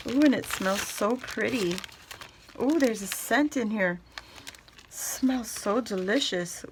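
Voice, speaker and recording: A woman's voice: mid-range voice, expressive, moderate pace, noisy background. A woman vlogger chatting through a craft unboxing, gushing and exclaiming, often swooping up into squeals. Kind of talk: excited unboxing chat.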